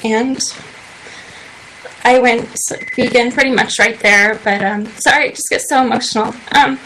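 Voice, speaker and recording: A woman's voice: fairly high pitch, steady tone, moderate pace, sharp tone, slight background noise, low-quality recording. A woman in her twenties chatting earnestly as a guest on a radio talk show, telling her story at length. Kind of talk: casual interview chat. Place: radio studio.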